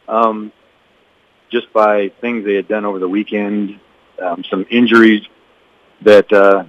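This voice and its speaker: Low-voiced football coach on a dull phone line. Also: male voice, no room sound. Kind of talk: phone interview.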